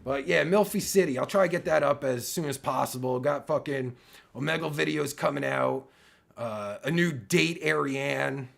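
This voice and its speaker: A man's voice: mid-range voice, normal speed, vocal fry. A man in his forties ranting loosely to his audience with heavy swearing, often breaking off mid-sentence, his voice getting worn. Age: 40s. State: losing his voice. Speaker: online video creator. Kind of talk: profane rant to camera.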